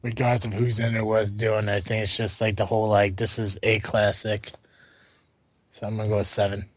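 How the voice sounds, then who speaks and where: A man's voice: lowish voice, flat delivery, fast talker, no echo. A man hosting a podcast in casual chat, rambling with fillers, swearing and laughing often. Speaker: podcast host.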